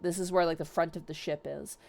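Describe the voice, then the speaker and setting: A woman vtuber retelling a story in a casual, excitable, slangy way, chatting to her viewers. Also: low voice, brisk, vocal fry.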